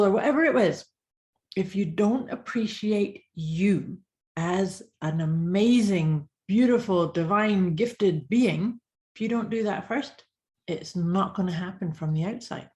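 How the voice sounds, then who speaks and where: A woman co-hosting a podcast in casual chat, affirming her partner often and speaking with warmth about the topic. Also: mid-range voice, measured pace. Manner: warm, affirming, often says mm-hmm. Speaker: podcast co-host.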